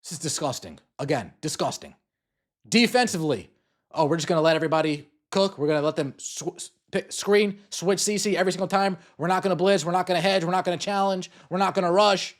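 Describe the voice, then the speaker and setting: A man hosting a podcast talks fast in a high-pitched voice, delivering an angry sports rant full of swearing and repetition.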